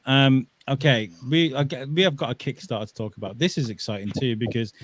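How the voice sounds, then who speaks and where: A man's voice: mid-range voice, fairly quick. A man co-hosting a podcast, chatting casually, laughing often and reading out listener comments. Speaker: podcast co-host.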